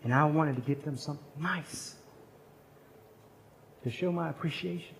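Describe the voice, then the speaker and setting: A man's voice: fairly high pitch, moderate pace, slight background noise. Earnest man telling a story in chapel. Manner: conversational, earnest anecdotes. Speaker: chapel speaker. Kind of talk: storytelling sermon.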